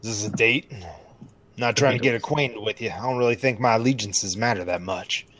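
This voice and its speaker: A man playing a tabletop game, talking in a gruff, blunt way. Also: mid-range voice, fairly quick, a crowd in the background. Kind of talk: casual in-character play.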